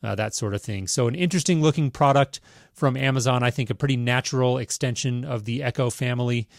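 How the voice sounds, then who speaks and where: A man hosting a tech podcast, reading a news item and then chatting about it in a measured, casual way. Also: medium pitch, creaky, no room sound, studio quality. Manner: measured, reads news items then riffs. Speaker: podcast host.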